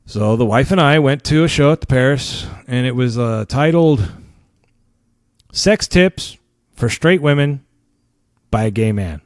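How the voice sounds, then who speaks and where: A man's voice: mid-range voice, animated, measured pace, pauses often, no room sound. A man hosts his own podcast and rambles through a story at full tilt. He swears freely and laughs at his own jokes. His voice sits in a middle range and comes across close and dry, with no room around it. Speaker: podcast host. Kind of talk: casual ranting storytelling.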